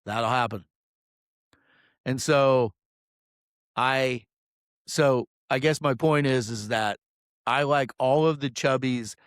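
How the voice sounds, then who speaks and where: A fishing guide talks casually into a close mic, rambling and swearing as he tells his story. His voice sits at a middle pitch for a man. The sound is dry, with no echo. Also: slow pace, long pauses, clean tone. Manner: rambling, profane, many "um"s.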